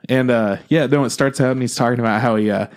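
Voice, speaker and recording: A man's voice: mid-range voice, quick pace. Rambling, swearing podcast co-host man. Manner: loose, rambling, swears freely. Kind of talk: casual chat.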